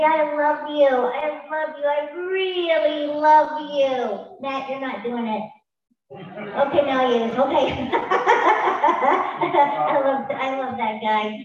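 High-voiced woman speaking in an echoey hall. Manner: warm, chatty and emphatic, with affirmations. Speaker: speaker sharing her story. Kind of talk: motivational testimony to a live audience. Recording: far-off echoey room, dull sound.

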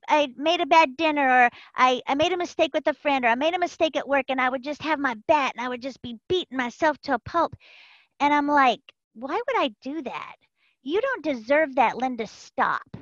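A woman giving an animated, folksy personal testimony to a support group over an online call, repeating phrases for emphasis. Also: sits high, dry recording. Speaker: member sharing at a support group. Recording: dull lo-fi call audio.

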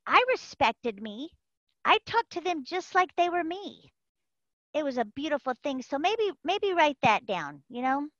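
A woman giving an animated, folksy personal testimony to a support group over an online call, repeating phrases for emphasis. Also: high voice, unhurried, no room sound. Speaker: member sharing at a support group. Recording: dull lo-fi call audio.

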